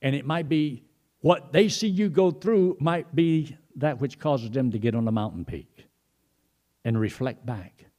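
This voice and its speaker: A man's voice: medium pitch, lively intonation, measured pace, warm tone. A middle-aged man preaching a sermon, telling folksy stories and retelling phone calls in quoted speech. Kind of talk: sermon with storytelling.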